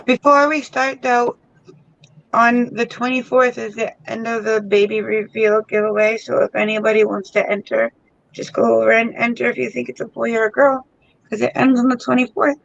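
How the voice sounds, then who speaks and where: Man, high voice, gravelly, easygoing joking, dull dry call audio. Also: flat delivery, normal speed, a bit bright. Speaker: co-host on a call. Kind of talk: casual chat. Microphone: remote call.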